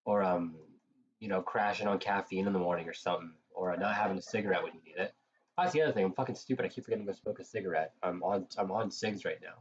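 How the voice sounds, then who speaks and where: A tired man with a cold talks on a live stream in a lowish voice, rambling and swearing freely between fillers. The sound is dull and lo-fi, with a faint hiss of noise underneath. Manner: drowsy, profane, rambling with many fillers. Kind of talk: casual rambling stream chat.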